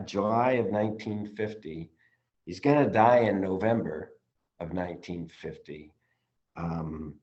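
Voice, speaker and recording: Halting man reading a recovery text. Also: low voice, a little mellow. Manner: halting, with many ums and restarts; earnest, gets emotional at times. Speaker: study group leader. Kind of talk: reading aloud and commenting. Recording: slightly dull, lo-fi audio.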